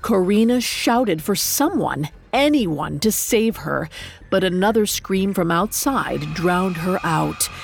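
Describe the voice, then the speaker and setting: A woman narrating a dark storybook myth in a measured, dramatic way. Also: fairly low pitch, animated, creaky, soft background music. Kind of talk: scripted narration.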